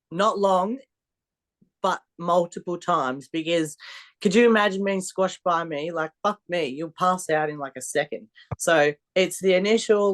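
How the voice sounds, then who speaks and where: A woman, a strongwoman athlete telling blunt, swear-filled stories in a casual interview. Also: lowish voice. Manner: blunt, swears freely, animated storyteller. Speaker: podcast guest, strongwoman athlete.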